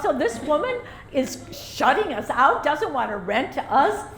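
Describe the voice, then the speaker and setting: Older woman telling lively stories. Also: high voice, unhurried, background noise. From Chicago, USA. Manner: animated anecdotal storyteller. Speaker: author giving a talk. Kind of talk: storytelling talk to a live audience. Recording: roomy echo, faint ambience.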